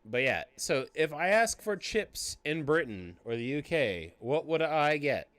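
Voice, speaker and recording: A man hosting a trivia stream in casual chat, joking and explaining the answers in quick bursts. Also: fairly high pitch, very animated, a bit bright, no echo. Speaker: trivia host.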